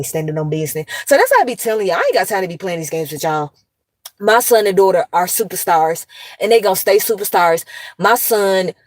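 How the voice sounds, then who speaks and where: A woman in her thirties, a mother of two, talking straight to her viewers in a blunt, cursing, animated commentary rant. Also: on the low side, no echo.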